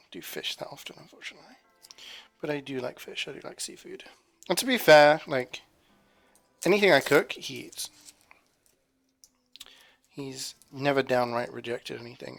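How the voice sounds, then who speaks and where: A man's voice: mid-range voice, vocal fry, a bit bright. A man streaming from his home kitchen, rambling casually to his chat as he cooks. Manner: rambling, chatty, talking to chat while cooking.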